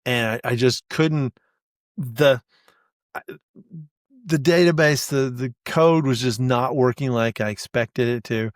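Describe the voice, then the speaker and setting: A dejected male database administrator, played by a man for a comic sketch stumbles through a quiet, broken-up interview answer. His voice is low and subdued, recorded close and dry. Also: dry recording, natural voice. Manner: halting, quiet, self-blaming.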